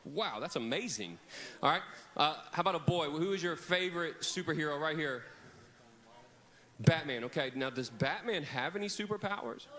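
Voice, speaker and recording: In a church hall, a man with a higher-pitched, sharp voice preaches a children's camp sermon at a moderate pace. Holding a handheld mic, he leads the kids in call-and-response.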